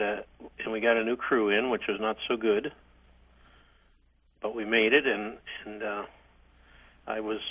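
An older man, a hotel chairman, telling stories from his career in a halting, rambling way with frequent restarts. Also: on the low side, slightly rough, narrow, tinny audio. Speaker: interview guest, hotel chairman. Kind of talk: reminiscing interview.

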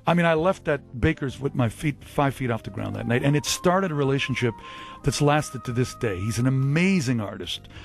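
A man who is a musician and a radio guest, telling chatty, animated anecdotes with false starts. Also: mid-range voice. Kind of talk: anecdotal storytelling.

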